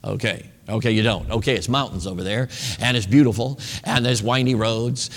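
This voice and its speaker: A man's voice: mid-range voice, brisk. Chatty preacher man in a big hall. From northern United States. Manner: chatty, often checks in with the audience. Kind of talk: storytelling sermon. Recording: long reverb of a large hall.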